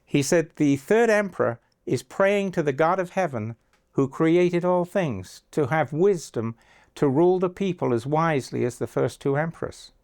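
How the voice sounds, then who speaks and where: A man's voice: a little high, expressive, normal speed, darkish tone. Older man telling stories in an interview. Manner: anecdotal, acts out quoted dialogue. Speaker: interviewee, agency founder. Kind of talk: storytelling interview.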